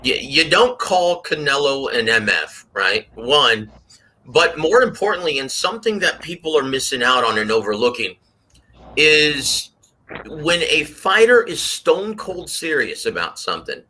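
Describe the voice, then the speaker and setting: A man giving his take on a boxing panel, telling stories and acting out quotes in a lively way. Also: a little high, unhurried, slight background noise. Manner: animated storyteller, acts out quotes. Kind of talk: casual panel commentary.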